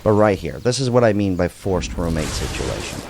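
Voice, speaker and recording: A middle-aged man hosting a casual reaction video, talking in an animated, blunt way and swearing freely. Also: sits low, normal speed, vocal fry, faint music behind. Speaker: commentary video host.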